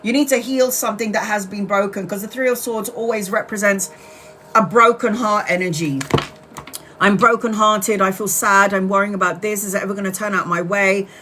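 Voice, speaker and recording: A woman's voice: medium pitch, fairly even intonation, moderate pace, pushed and bright, soft background music. A woman doing a casual live-stream tarot reading, blunt and chatty, with the odd swear word. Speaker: tarot reader.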